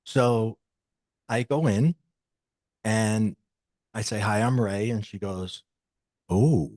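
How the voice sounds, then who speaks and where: A man guest on a podcast, telling a personal story in an animated way and acting out the dialogue he quotes. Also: lowish voice, slow pace, no echo.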